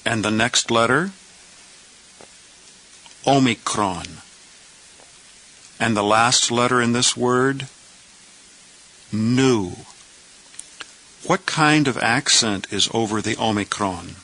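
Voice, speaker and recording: A man teaching pronunciation in a slow, patient lesson, saying each word deliberately and repeating it for the listener. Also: medium pitch, pushed and bright, poor audio. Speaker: Greek teacher.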